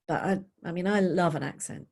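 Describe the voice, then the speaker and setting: Expressive British woman voice coach, lowish. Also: brisk, gravelly. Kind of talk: webinar Q&A answers.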